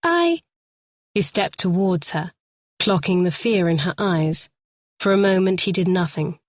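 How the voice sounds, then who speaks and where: A woman narrating a thriller audiobook in a tense, measured storytelling manner. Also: lowish voice, steady tone, dry recording.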